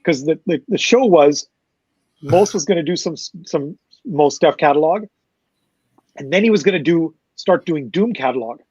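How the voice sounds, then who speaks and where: A man who works as a concert promoter, telling a loose, fast, profane backstage story as a guest. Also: fairly high pitch, animated, a little mellow, husky, no echo, lo-fi sound. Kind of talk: casual storytelling.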